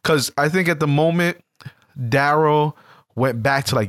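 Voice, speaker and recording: A man's voice: a little high, measured pace, fairly bright tone, dry recording, studio quality. A man chatting casually about a TV show, laid-back and slangy, often asking "you know what I mean". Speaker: podcast co-host.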